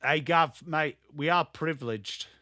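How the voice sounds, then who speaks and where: A man's voice: a little high, unhurried, pushed and bright, dry recording, clean studio sound. A man with an English accent giving live, chatty and jokey football watchalong commentary, greeting viewers by name. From England. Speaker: watchalong streamer.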